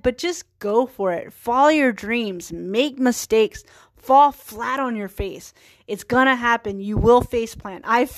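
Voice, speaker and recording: A woman in her thirties hosts her own podcast, chatting earnestly and giggling at her own asides. Her voice sits a little high. The sound is close and dry, with no room around it. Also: no echo. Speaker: podcast host. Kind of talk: casual solo podcast monologue.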